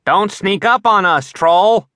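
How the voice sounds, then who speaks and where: A man voicing a feisty, jumpy schoolboy in a children's audiobook, sharp and insistent. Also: mid-range voice, lively intonation, normal speed, no echo, clean studio sound. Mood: startled, snappy. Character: feisty boy, jumpy and quick to punch.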